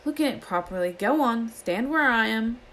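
A woman doing Harry as an urgent, hushed boy wizard. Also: on the high side, lively intonation, moderate pace, pitched above the performer's own voice. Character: intense, longing eleven-year-old wizard boy.

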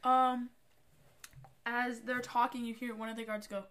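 A woman narrating a tabletop game as game master, halting with frequent ums. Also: on the high side, fairly even intonation, a bit bright.

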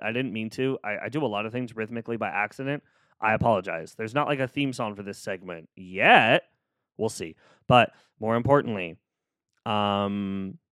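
A man's voice: medium pitch, a bit bright, clean tone, no room sound, clean studio sound. A man hosting a solo podcast, talking casually and cheering the listener on in a playful, upbeat way. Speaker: podcast host. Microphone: close studio microphone.

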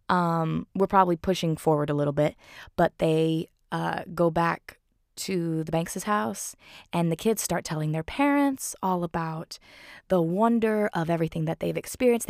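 Woman, low voice, gravelly fry, chatty film recap, lots of fillers. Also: darkish tone, no echo, clean studio sound. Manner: chatty, full of "like" and "um", enthusiastic.

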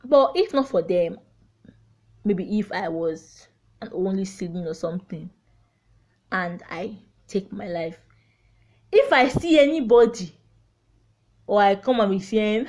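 A podcast host with a Nigerian accent delivers a candid solo monologue in a slow, darkish, medium-pitched voice with long pauses. She speaks heartfelt and frank, laughing her way through painful topics.

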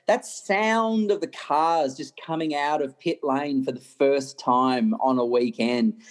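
An Australian man, a racing driver, telling animated stories in an interview, often laughing and restarting his sentences. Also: medium pitch, slow. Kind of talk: interview storytelling.

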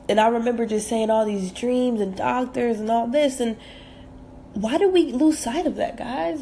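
A woman's voice: fairly high pitch, slight background noise. A woman from the States, hosting a motivational podcast and repeating phrases for emphasis. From southern United States. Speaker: podcast host.

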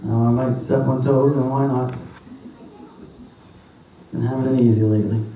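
A man's voice: mid-range voice, steady tone, normal speed, dark tone, a little hiss or hum. A man preaching a sermon as pastor, emphatic, quoting scripture in old-fashioned wording. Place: church sanctuary. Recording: very echoey church hall, mic at a distance.

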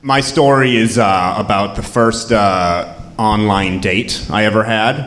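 A man telling a personal story on stage, halting with dry asides to the audience. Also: lowish voice, a bit bright, soft background music. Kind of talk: live storytelling.

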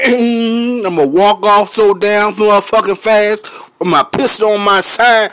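A man with a Memphis accent ranting to his viewers, full of cursing, laughing and clearing his throat as he smokes. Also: sits high, fairly even intonation, slow, no room sound. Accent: Memphis Southern US. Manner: loud, profane, laughing between lines; smoking, clears throat often. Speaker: vlogger. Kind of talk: profane rant to camera.

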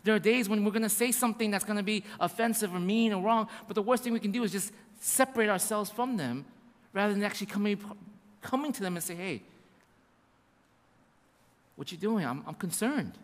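A man preaching a sermon as pastor, animated and repetitive, acting out little asides. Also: high-pitched, quick pace, in a large hall.

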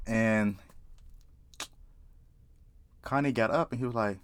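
Man, low voice, dry sound, casual storytelling, swears a lot, laughs often. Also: slow pace, long pauses, clean tone, dry recording. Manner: profane, excitable, laughs often. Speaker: vlogger.

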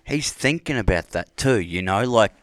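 A man's voice: lowish voice, lively intonation, normal speed, fairly bright tone, dry recording. A man, hosting a casual interview, easygoing with lots of "like" and "you know". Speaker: podcast host.

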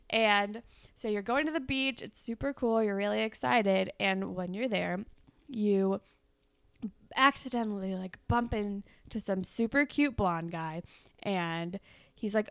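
A woman's voice: medium pitch, animated, moderate pace, vocal fry, clear, resonant tone, no echo. A young woman co-hosting a podcast, chatting casually and telling a breezy fan fiction story with giggles and lots of "like". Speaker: podcast co-host.

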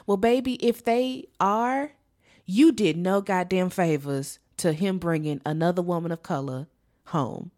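A woman co-hosting a podcast, ranting in a sassy, profane, animated way about a reality show. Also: lowish voice, a little slow. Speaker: podcast co-host. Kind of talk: casual chat.

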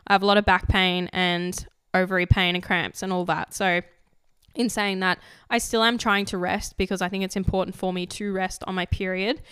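A young woman hosting her podcast in casual, candid chat, slightly croaky after being ill and swearing freely. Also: lowish voice, steady tone, brisk, a bit bright, dry recording, clean studio sound. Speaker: podcast host.

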